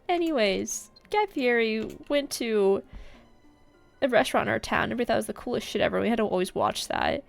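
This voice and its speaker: A woman's voice: on the high side, expressive, fairly quick, gravelly, soft background music. A woman hosting a casual let's-play, rambling and swearing in frustration as she plays. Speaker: gaming channel host.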